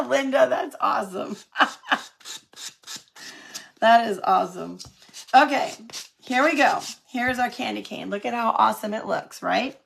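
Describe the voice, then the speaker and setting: A woman's voice: a little high, a little slow, gravelly, pauses often. A middle-aged woman from California chatting through a live craft demo, laughing often and answering viewer comments as she works. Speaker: craft demonstrator on a live stream.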